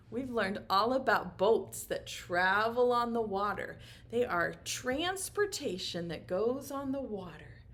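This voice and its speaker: A woman teaching a virtual preschool circle time, speaking slowly and encouragingly in an exaggerated sing-song manner. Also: mid-range voice, animated. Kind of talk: virtual circle-time lesson for young children.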